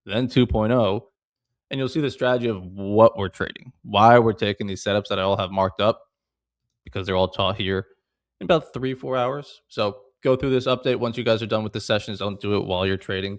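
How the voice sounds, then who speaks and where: Low-voiced man coaching traders. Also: steady tone, brisk, no echo, studio quality. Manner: direct, coaching, matter-of-fact. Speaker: trading educator and stream host. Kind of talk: casual livestream instruction.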